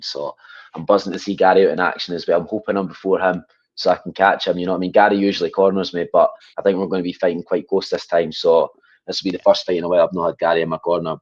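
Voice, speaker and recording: A deep-voiced Scottish man who talks quickly and casually. He is an upbeat MMA fighter who keeps tagging "mate" onto his answers. His voice comes through a dull, lo-fi call line. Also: no room sound. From Scotland. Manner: upbeat, often tags 'mate' and 'you know what I mean'.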